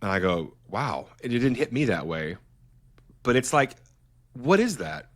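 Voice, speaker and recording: A man's voice: mid-range voice, very animated, unhurried. A middle-aged man, a filmmaker talking as a guest in a casual interview, enthusiastic and rambling, often restarting his sentences.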